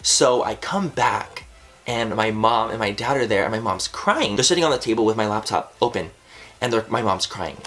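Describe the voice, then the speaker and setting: Lowish-voiced young man telling a story. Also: moderate pace. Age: 20s. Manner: animated, swears freely, fills with "like". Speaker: vlogger. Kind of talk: casual personal storytelling to camera.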